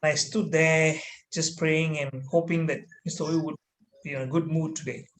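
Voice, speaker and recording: A man telling a personal story as a trainer, animated and dramatic with hesitant fillers, over a video call. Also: a little high, normal speed, poor audio. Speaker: corporate trainer.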